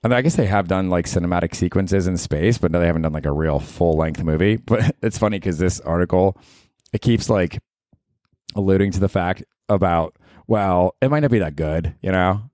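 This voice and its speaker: A man with a very low voice hosts a solo comedy podcast. He rambles sarcastically and swears freely as he talks. The sound is dry and close to the mic. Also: normal speed, darkish tone, no echo. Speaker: podcast host.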